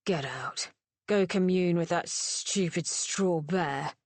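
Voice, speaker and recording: A woman's voice: fairly low pitch, takes it slowly, no echo. A woman voicing a surly, drunken young male rake who sneers and insults everyone around him.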